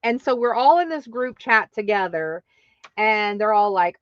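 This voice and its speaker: A woman's voice: medium pitch, animated, moderate pace, dry recording, muffled recording. A woman hosting her craft channel, telling a story casually and acting out other people's lines in exaggerated voices.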